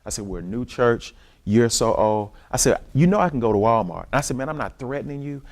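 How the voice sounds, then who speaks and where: A man with a Southern US accent leading a church community-engagement workshop, teaching in a lively preacher style and talking straight to the room. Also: mid-range voice, quick pace. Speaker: workshop leader. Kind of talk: church community training talk.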